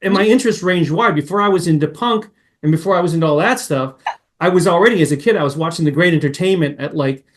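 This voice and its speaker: A man who grew up in Massachusetts, a podcast guest chatting casually and jumping between memories with excited asides. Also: fairly high pitch, fast talker. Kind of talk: casual chat.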